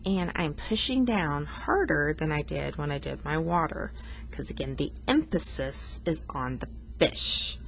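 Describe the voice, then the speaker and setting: A woman's voice: sits low, measured pace, gravelly. A woman art teacher talking students through a coloring lesson, patient and explanatory, teasing herself now and then.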